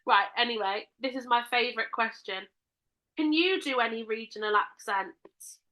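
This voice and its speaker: A woman with a southern English accent chats casually as co-host, playful and quick with a joke. Her voice sits a little high and rings bright and forceful. She leads the conversation from question to question. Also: poor audio. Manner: playful, jokey, steers the questions. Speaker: podcast co-host, musical theatre performer. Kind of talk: casual chat.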